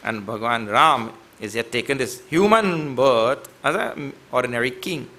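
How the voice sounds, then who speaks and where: Lively gravelly-voiced man lecturing. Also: medium pitch, unhurried. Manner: chants verses then explains them, playful with the audience. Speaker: swami giving a scripture lecture. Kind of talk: devotional lecture to a class.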